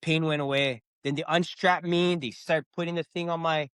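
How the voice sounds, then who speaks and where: A man's voice: on the high side, normal speed, smooth, no room sound. A middle-aged man telling his own story on a podcast, acting out what he said at the time. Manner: animated, acts out his own past words. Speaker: podcast guest. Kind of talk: casual storytelling.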